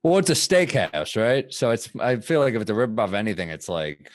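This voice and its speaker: A man with a New York accent co-hosting a casual drinking podcast, animated and swearing, laughing easily between lines. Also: lowish voice, brisk. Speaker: podcast co-host.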